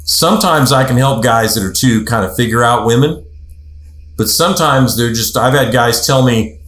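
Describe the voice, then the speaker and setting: A man's voice: mid-range voice, moderate pace, fairly bright tone. Man counselor talking in a roomy echo. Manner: conversational, storytelling, acts out quotes. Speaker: host, relationship counselor. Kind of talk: casual podcast talk.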